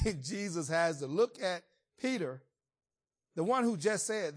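A man's voice: sits high, animated, normal speed. A man preaching a sermon as a pastor, retelling scripture in a conversational, colloquial storytelling way.

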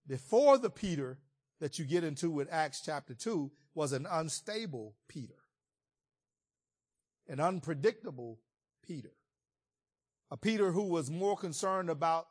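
Male pastor, conversational storytelling sermon. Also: fairly high pitch. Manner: conversational storytelling, colloquial asides.

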